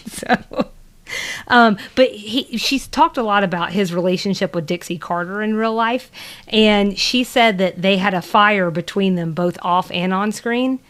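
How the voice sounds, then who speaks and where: A woman's voice: mid-range voice, a little slow, fairly bright tone. A woman with a Southern US accent co-hosting a casual podcast chat, rambling with lots of fillers and laughs. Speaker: podcast co-host.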